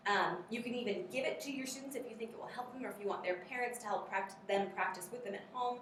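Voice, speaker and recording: Upbeat woman teacher trainer, drilling rhythmic chants; slightly high voice, recorded from afar in a very echoey room. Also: quick pace, fairly bright tone, a little hiss or hum. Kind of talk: workshop lesson for teachers. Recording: very echoey room, mic far off.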